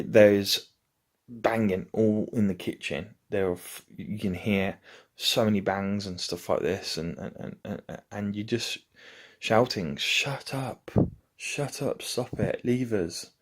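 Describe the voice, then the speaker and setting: A man's voice: on the low side, steady tone, slow pace. A man casually telling a rambling story to camera from his home. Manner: rambling, loose anecdote-telling. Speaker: vlogger. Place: at home, indoors.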